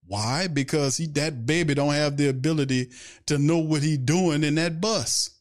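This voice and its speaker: A man hosts a casual sports fan podcast and talks in an animated rant. He fires off rhetorical questions one after another and stops to answer questions viewers send in. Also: fairly high pitch, moderate pace. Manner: takes viewer questions from chat.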